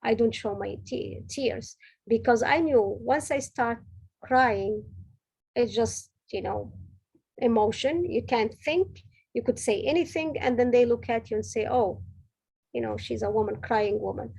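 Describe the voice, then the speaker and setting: A woman's voice: on the high side, unhurried, a little mellow, husky, rough recording. A middle-aged woman, a senior director, giving an earnest, direct motivational talk with advice for women at work, often correcting herself mid-sentence. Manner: earnest, direct, advising with frequent self-corrections.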